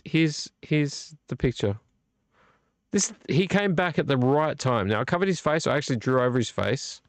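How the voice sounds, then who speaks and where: Gravelly, tipsy man ranting. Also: medium pitch, dry recording. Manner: rambling, blunt, swears freely. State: a bit tipsy from beer. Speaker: livestream host. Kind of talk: late-night live vlog chat.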